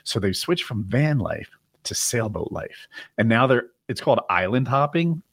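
A man's voice: medium pitch, big pitch swings, normal speed, vocal fry, husky, dry recording, studio quality. A man in casual chat who rambles, swears and laughs often, acting as a podcast co-host.

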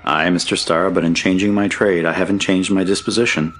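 A man's voice: deep voice, fairly even intonation, fairly quick, fairly bright tone. A man reading an audiobook, voicing a cheerful young male Scottish miner turned farmhand in a hearty, merry way. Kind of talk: audiobook character voice.

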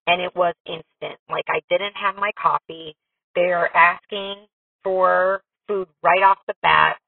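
Gravelly-voiced woman on a tinny line. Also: fairly low pitch, dry recording, far from the mic. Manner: candid, rambling, self-deprecating. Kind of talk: casual personal storytelling. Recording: dry tinny phone-like sound from off-mic.

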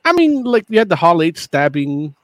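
Teasing male co-panelist, highish bright voice, dry close sound. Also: sing-song, normal speed, no room sound. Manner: teasing, giggly. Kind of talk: casual chat.

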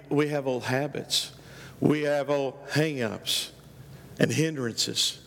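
A middle-aged male pastor preaching a sermon, emphatic and rising loud on key phrases. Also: fairly high pitch. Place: church sanctuary. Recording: church hall with long reverb.

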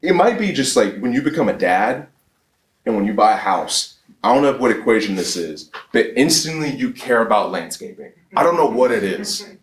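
A man's voice: mid-range voice, sing-song, moderate pace. A man in his thirties giving a live conference talk. He speaks emphatically, fires off rhetorical questions and often restarts his sentences. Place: conference session room. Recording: roomy, distant from the mic.

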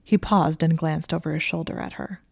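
A woman narrating an audiobook reading of fan fiction in a wry, expressive way. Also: deep voice, moderate pace, vocal fry, no room sound, studio quality.

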